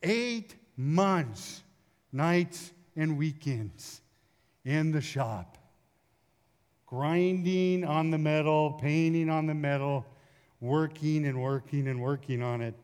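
A middle-aged man, a pastor, preaching a sermon in a folksy storytelling way with lively acted asides. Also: fairly high pitch, slow, clean tone. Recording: long hall reverb.

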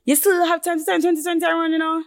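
A woman's voice: very high voice, flat delivery, rapid-fire, no echo, clean studio sound. A woman in her twenties co-hosting a casual chat, earnest and teasing. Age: 20s. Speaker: podcast co-host.

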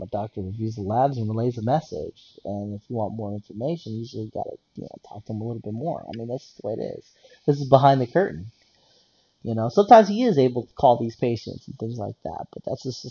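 Gravelly-voiced man ranting casually. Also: medium pitch, dark tone, no echo, lo-fi sound. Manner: rambling, blunt, swears, repeats himself. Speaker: medical office worker. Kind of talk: casual monologue rant.

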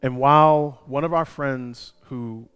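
A male pastor preaching a sermon, moving from quiet personal storytelling to loud, impassioned preaching. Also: medium pitch, slow pace, clear, resonant tone, soft background music.

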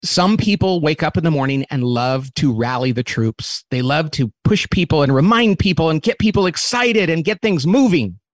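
A man who runs a company, talking as an interview guest and lively acting out quoted remarks as he explains a model. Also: fairly high pitch, normal speed, hardly any pauses, dry recording. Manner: animated, acts out quotes in different voices; repeats words when restarting.

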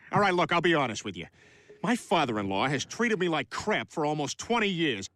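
An actor voicing a bumbling, dim-witted middle-aged cartoon dad who stammers obliviously. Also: male voice, a little high, big pitch swings, moderate pace, fairly bright tone. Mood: dopey. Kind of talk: cartoon voice acting.

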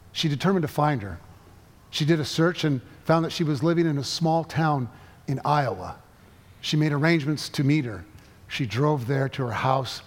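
Male preacher, fairly high voice, emotive storyteller, long hall reverb. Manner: emotive storytelling with halting repetitions. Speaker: pastor. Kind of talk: sermon.

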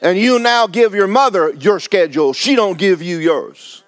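High-voiced pastor preaching bluntly. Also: male voice, animated, normal speed, no echo. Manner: blunt, exhorting, rhetorical questions to the congregation. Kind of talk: sermon.

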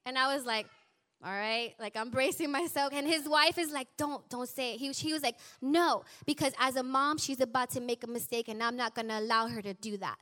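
A woman in her forties telling a personal testimony to a church congregation, animated and acting out the people she quotes. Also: high voice, a little fast. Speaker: church speaker sharing a testimony.

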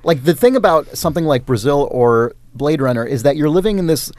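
A man's voice: on the high side, expressive, brisk, darkish tone, dry recording. A man co-hosting a casual chat, telling a story in a rambling way, full of "like" and swearing. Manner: rambling, heavy use of "like," swears freely.

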